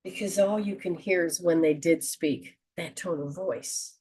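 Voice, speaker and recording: Woman host giving a spiritual reading; slow, earnest, counseling delivery, slightly low pitch. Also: darkish tone, husky. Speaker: host and metaphysician.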